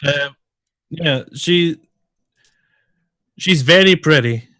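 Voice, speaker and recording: A man's voice: on the high side, very slow, sharp tone, no echo. Hesitant man playing a tabletop character. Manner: hesitant, describing his character. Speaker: player. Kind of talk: tabletop role-play.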